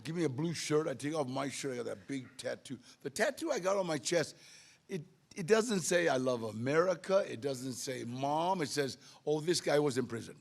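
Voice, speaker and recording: A man's voice: a little high, lively intonation, normal speed, gravelly. An older man telling his recovery story at a twelve-step meeting, acting out the dialogue. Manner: streetwise storytelling, acts out dialogue. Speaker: AA speaker.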